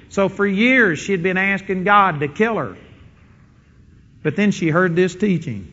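A man preaching a sermon to a live congregation in a large hall, impassioned and slowing right down when quoting scripture. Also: high voice, expressive, pushed and bright. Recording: dull lo-fi sound with long hall reverb.

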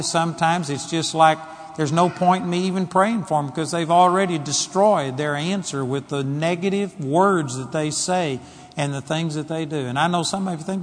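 A man preaches a sermon with a high, lively voice. His delivery is dramatic, moving between hushed and emphatic. A long reverb hangs in the hall. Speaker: pastor.

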